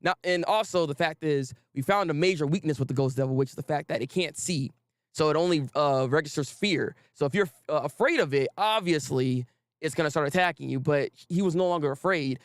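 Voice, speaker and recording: A man hosting a casual anime talk stream, reading out viewer names and repeating himself with animated, slangy energy. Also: fairly high pitch, clean tone, no echo, studio quality. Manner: animated, repetitive, slangy, greets chat viewers. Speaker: host.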